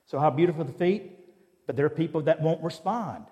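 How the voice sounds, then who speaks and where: A man's voice: fairly high pitch, a little fast, mellow, long reverb tail. A man giving a sermon in a conversational, storytelling way, acting out the dialogue of his anecdotes. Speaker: preacher. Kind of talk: sermon with personal stories. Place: church.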